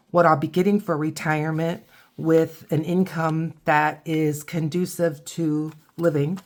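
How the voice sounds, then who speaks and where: An older woman talks through a craft project in a low, unhurried voice. She chats and rambles, stops to correct herself, and keeps a friendly, easygoing tutorial tone. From Ohio and Michigan, USA. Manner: chatty, rambling, self-correcting. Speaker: craft channel host. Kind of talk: casual craft tutorial chat.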